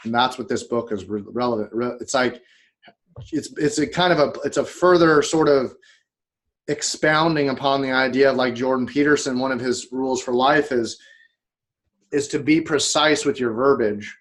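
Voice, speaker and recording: A man's voice: mid-range voice, normal speed. A man co-hosting a podcast, talking candidly and in a rambling way, swearing now and then and acting out his own thoughts. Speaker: podcast co-host. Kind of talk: casual podcast chat.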